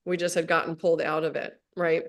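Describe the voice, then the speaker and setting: A woman's voice: deep voice, level tone, fairly quick. Rambling woman hosting a spiritual chat. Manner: rambling, with many restarts and fillers. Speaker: host of a spiritual livestream. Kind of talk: casual conversation. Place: at home, on a live video stream.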